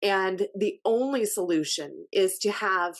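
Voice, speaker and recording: A woman's voice: medium pitch, unhurried. A middle-aged woman talking as a guest on an interview show, speaking in a casual way with many fillers and restarts, over a video call. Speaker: podcast guest, health coach.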